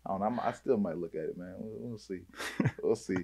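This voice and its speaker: A man's voice: sits low, fairly quick, gravelly, mellow, husky. A man in his thirties hosting a casual podcast, talking in a laid-back, slangy way and laughing often. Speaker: podcast host.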